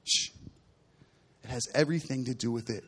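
A man delivers a sermon, retelling the story with lively, animated delivery. His voice sits a touch high for a man, and he swings between hushed asides and loud bursts. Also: moderate pace. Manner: animated storytelling preacher, acting out characters with big swings in loudness. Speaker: pastor.

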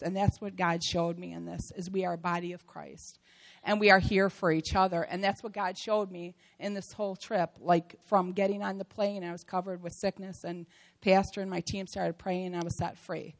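A woman shares a church testimony about a mission trip, her voice sitting a little low with a gravelly fry. She talks in a heartfelt, rambling way, full of fillers and restarts. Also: low-quality recording.

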